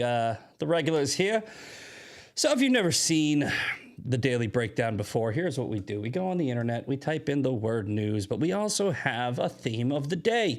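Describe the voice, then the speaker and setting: Brief: male host, mid-pitched voice, rambling casual chat. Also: sing-song. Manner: chatty, rambling, quick, with fillers. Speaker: show host.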